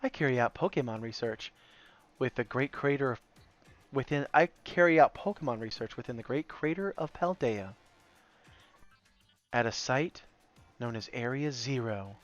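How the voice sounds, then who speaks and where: A man voicing a calm, scholarly woman professor. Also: mid-range voice, muffled recording, soft background music, natural voice. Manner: measured, explanatory.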